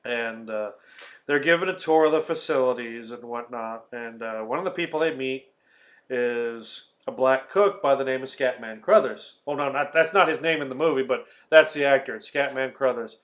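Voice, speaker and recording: A man's voice: mid-range voice, moderate pace, a bit bright. Rambling, swearing man on a lo-fi podcast. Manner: rambling, swears, laughs often, many fillers. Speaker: podcast host. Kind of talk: casual movie-review chat. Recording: dull lo-fi podcast audio.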